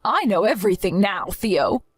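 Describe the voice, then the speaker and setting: A woman's voice: medium pitch, very animated, moderate pace, slightly rough, no room sound. A woman voicing a protective, stern grandmother who demands answers and scolds firmly in a dramatized story. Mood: scolding. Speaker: narrator and grandmother.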